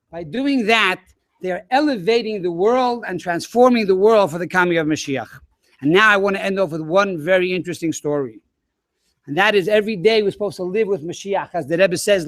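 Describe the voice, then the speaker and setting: A man, a rabbi, telling an animated story to schoolchildren over a webinar. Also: high voice, dry recording, clean studio sound. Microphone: webinar microphone.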